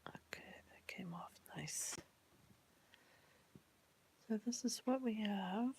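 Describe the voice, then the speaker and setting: A woman vlogging casually about her molds, excited and chatty, sometimes dropping to a near-whisper. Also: medium pitch, takes it slowly, a little hiss or hum. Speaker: crafts vlogger. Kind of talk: casual chat.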